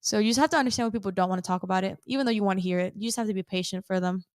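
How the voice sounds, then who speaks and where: A young woman, a guest on a chat show, talking in an animated way and acting out the lines she quotes. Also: medium pitch, very fast, no room sound, studio quality. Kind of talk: casual conversation.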